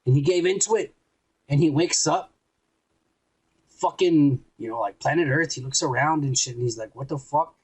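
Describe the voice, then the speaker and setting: A man's voice: a little high, normal speed, long pauses, a little mellow, husky, low-quality recording. A man co-hosting a podcast, recapping an episode in rambling, profane casual chat and acting out quotes. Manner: crude, rambling, acts out quotes. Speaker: podcast co-host.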